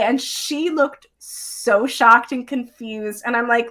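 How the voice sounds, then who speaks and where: A bubbly young woman talks in a casual chat, her voice sitting a little high. She fills her talk with little fillers and breaks into laughter often. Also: steady tone, normal speed, hardly any pauses, a bit bright. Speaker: guest. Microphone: streamed live remote talk.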